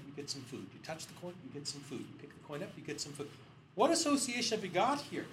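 A man's voice: on the high side, noisy background. A middle-aged man giving a psychology lecture, telling stories animatedly and acting out the people in them. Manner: animated storytelling, voicing characters in quotes. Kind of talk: lecture with acted-out anecdotes.

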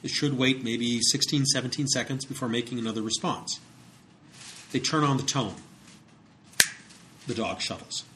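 A man's voice: mid-range voice, normal speed, pauses often, very noisy. A man lecturing in a conversational way, with frequent fillers and repeated words as he explains. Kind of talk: recorded psychology lecture.

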